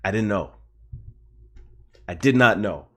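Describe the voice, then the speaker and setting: Slow and animated, a man with a fairly low voice hosts a livestream and launches into a casual rant about a video game. He gets heated, repeats himself, and swears a lot.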